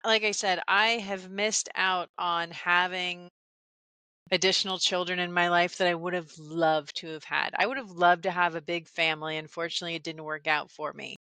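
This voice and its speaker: A woman's voice: lowish voice, steady tone, normal speed, pushed and bright, smooth, no echo. A middle-aged woman co-hosting a podcast, talking candidly in casual chat with stammering restarts. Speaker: podcast co-host.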